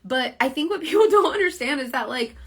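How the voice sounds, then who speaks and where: A woman's voice: high-pitched, animated, brisk. A woman, rambling in a casual motivational livestream, full of "like" and self-corrections, speaking into a phone. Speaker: direct sales team leader. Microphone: phone on a social media livestream.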